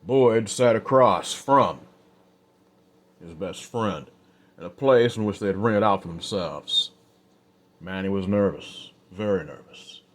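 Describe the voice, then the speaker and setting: A man narrating a Western story in a relaxed, off-the-cuff way with small fillers. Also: low voice, slow pace, pauses often. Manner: casual, unscripted with fillers.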